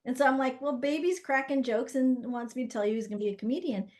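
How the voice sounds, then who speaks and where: A middle-aged woman, a doula, telling stories in a casual interview, animated and full of fillers as she acts out what others said. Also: sits high, quick pace. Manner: animated, acts out quoted voices with many fillers. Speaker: guest, doula and spirit baby psychic.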